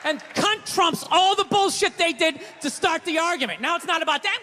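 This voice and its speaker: High-pitched ranting comic in a hall. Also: male voice, normal speed. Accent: Boston. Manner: ranting, profane, bursts into shouts. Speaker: stand-up comedian. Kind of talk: stand-up routine. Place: large theater stage with audience. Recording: live hall with crowd laughter.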